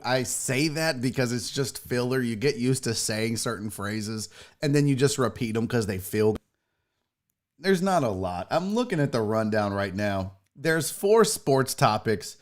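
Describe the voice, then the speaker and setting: Loud, animated man hosting a live stream. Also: mid-range voice. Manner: loud, profane and excitable, shouting bursts; reads viewer messages aloud. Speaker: show host. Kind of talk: casual live-stream chat.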